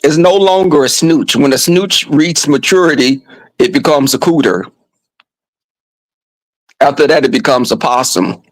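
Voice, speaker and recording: A man's voice: a little high, a little slow, pauses often, dry recording, low-quality recording. A man vlogging, telling crude comedic stories to his viewers in a flamboyant, brash way with lots of swearing.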